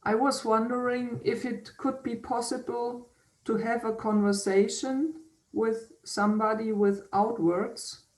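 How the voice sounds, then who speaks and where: A woman interviewer speaks very slowly and gently, stumbling through false starts as she shapes her questions. She sits away from the microphone. Her voice carries the echo of a roomy space. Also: on the high side, fairly even intonation. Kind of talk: casual interview conversation. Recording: roomy, distant from the mic.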